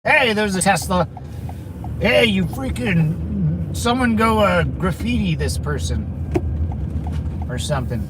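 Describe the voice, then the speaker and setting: A man talks to his viewers while he drives, rambling, restarting his sentences and tossing out crude asides. His voice sits high for a man. Loud road and traffic noise fills the recording from inside the car. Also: lively intonation, normal speed. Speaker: channel host chatting with viewers. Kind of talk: casual livestream chat while driving. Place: inside a car, driving around town.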